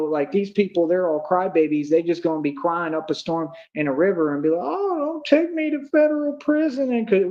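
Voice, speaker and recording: Agitated high-voiced man ranting on a stream. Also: warm tone, highs cut off. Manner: agitated, accusatory, taunting. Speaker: livestream host. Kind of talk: ranting livestream monologue.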